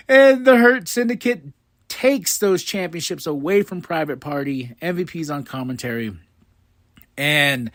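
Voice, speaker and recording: A man hosting a podcast, recapping a wrestling show in a rambling, excitable way, laughing often and swearing casually. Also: on the high side, no echo, studio quality. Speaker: podcast host.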